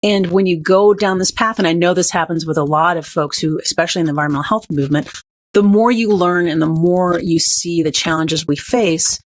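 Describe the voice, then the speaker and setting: A woman guest on a podcast with a slightly low voice. She tells her stories in an earnest, upbeat way and keeps the talk moving. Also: steady tone, brisk. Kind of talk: conversational interview.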